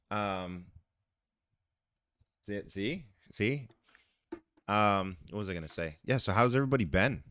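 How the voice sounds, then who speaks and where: Male streamer, Canadian accent, low clear voice, dry close phone audio, loose chat with viewers. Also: animated, a little slow, pauses often, fairly bright tone, no room sound. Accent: Canadian English. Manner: chatty, talks to viewers in the chat. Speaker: live streamer. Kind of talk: casual live-stream chat.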